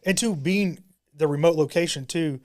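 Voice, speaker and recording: A man's voice: fairly high pitch, normal speed, a little mellow. A man chatting on a podcast, telling a long anecdote and acting out what people said to him in different voices. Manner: storyteller acting out quoted dialogue. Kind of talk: casual podcast chat. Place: podcast studio.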